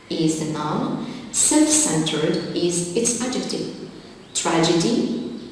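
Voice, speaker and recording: A woman teaching an English vocabulary lesson on television, spelling out words and their forms in a slow, deliberate way. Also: lowish voice, slight background noise. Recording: loud reverberant hall, distant mic.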